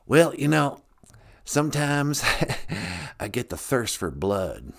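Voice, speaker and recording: A man's voice: medium pitch, sing-song, slow, gravelly, heavily acted. A man doing a folksy former president. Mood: conspiratorial. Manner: folksy, hesitant drawl with many uhs. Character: impression of an older former male president, folksy.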